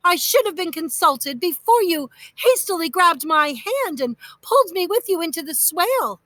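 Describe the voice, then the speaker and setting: A woman's voice: very high voice, big pitch swings, moderate pace, a bit bright, no room sound, voice pushed up, heavily acted. A woman voicing a fussy, prim older aunt in a storybook reading, scolding and indignant.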